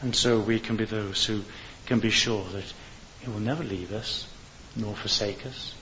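A man's voice: on the low side, steady tone, moderate pace, pushed and bright. Earnest male preacher on a dull, hissy recording. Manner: earnest, rising to fervent appeals. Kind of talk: evangelistic sermon.

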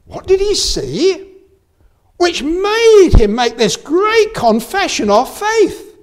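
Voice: sits high, wildly swooping pitch, takes it slowly. A preacher delivering a sermon with emphatic delivery that rises to fervent peaks, reading scripture aloud in King James wording.

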